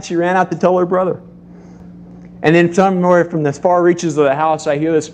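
A middle-aged man preaching a sermon to a congregation, telling stories in a lively way and acting out the voices in them. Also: sits high, moderate pace, pauses often, slight background noise. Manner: animated storytelling, acts out voices. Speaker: pastor.

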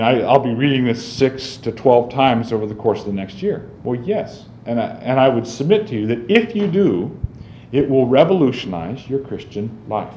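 A man with a mid-range, darkish voice teaches a group how to read the Bible, talking conversationally and frequently checking in with "right?" The recording is roomy and slightly dull, with faint background noise.

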